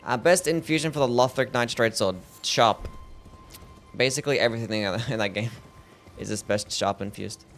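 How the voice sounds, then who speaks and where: Soft background music plays as a young Australian man with a medium-pitched voice talks at normal speed during a casual gaming stream. He's relaxed and mumbly, replying to chat and regularly trailing off with an uncertain "I don't know."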